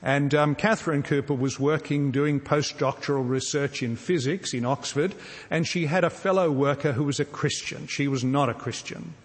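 A man preaching a sermon, earnest and measured, often posing rhetorical questions to his congregation. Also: fairly high pitch, big-room sound. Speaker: pastor.

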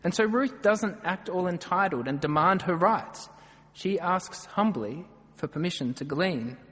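A man's voice: high-pitched, animated, measured pace, a bit bright, long reverb tail. An Australian man preaching a sermon, earnest and emphatic as he works through a passage verse by verse.

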